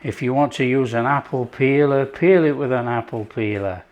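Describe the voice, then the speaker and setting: A man who is not from France hosts his own cooking show, chatting casually while he prepares a dish. His voice has medium pitch and a moderate pace, and he sounds relaxed and chatty as he works.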